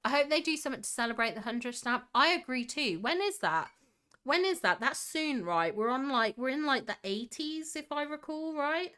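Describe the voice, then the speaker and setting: Bright, gushing young woman streamer. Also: high voice, expressive, moderate pace, clear, resonant tone. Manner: gushing, giggly, reads out and answers chat. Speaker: livestream host. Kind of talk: casual livestream chat reviewing game screenshots.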